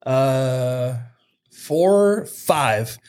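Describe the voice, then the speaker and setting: Laid-back, halting male podcast guest. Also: mid-range voice, animated, a little mellow, smooth. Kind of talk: casual chat.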